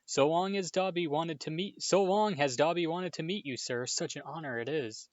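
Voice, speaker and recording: A man voicing a small, excitable, servile male house elf with a high-pitched, tearful, overly humble manner. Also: moderate pace, no echo, lightly acted. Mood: earnest. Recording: dull, dry home recording.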